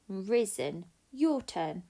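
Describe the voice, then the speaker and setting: A woman teacher, slowly sounding out words in a phonics lesson and praising pupils. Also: medium pitch, very animated, dark tone. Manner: slow, clear and encouraging, sounding out letters. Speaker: primary school teacher. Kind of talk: phonics lesson and reading a story aloud.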